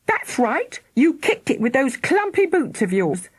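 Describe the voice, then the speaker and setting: A woman's voice: high-pitched, sing-song, a little slow, husky, pitched above the performer's own voice, exaggerated voice. A woman reading an audiobook, voicing a cruel mother who snarls insults at her children. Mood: snarling. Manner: snarling, scolding.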